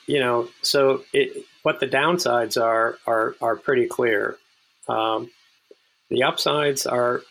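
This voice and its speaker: A man explaining policy in a podcast interview, his voice carrying a gravelly rasp. He talks earnestly, tripping over restarts and repeating words as he builds his points. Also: medium pitch, fairly bright tone, rough recording. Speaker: policy analyst guest.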